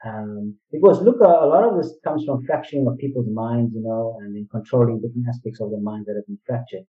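Through a dull-sounding, distant mic in a roomy space, an interview guest talks quickly in a mid-range voice. He's earnest, leaning on analogies, rhetorical questions, and repeated phrases to make his case.

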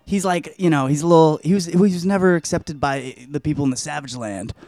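A man's voice: on the high side, brisk, darkish tone, dry recording, soft background music. A young man casually retelling a novel on his vlog, rambling and full of slang and swearing. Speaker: book reviewer, vlog host. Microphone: camera mic.

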